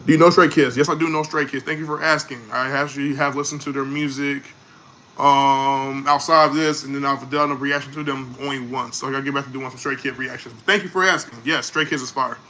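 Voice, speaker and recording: A man hosting a casual music reaction, talking in an animated way, repeating words and trailing off into fillers. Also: mid-range voice, fairly quick, slight background noise.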